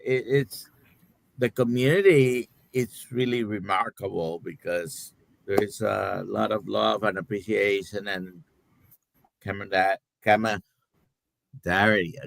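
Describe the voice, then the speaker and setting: A man's voice: lowish voice, fairly even intonation, slow, gravelly, pauses often, dry recording. A man from Puerto Rico with a Spanish accent, a doctor chatting casually on a live stream, searching for words as he goes. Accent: Puerto Rican Spanish. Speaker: doctor and co-host.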